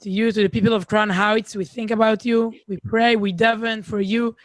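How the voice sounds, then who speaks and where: A woman's voice: fairly high pitch, level tone, moderate pace, no echo. A woman from Israel speaking on a video call, searching for words with frequent fillers and restarts. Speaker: guest speaker. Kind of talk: warm conversational talk.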